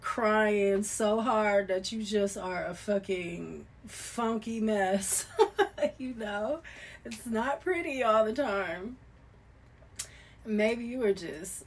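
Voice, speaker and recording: Gravelly-voiced woman giving a casual tarot reading. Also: medium pitch, slow. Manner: loose and conversational, swings from soft murmurs to loud emphatic bursts; swears casually. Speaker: tarot reader.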